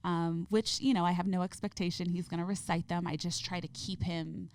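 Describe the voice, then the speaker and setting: Gravelly low-voiced woman, earnest guest. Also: fairly even intonation, fairly quick. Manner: earnest, gentle and heartfelt. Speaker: podcast guest. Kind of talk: reflective interview conversation.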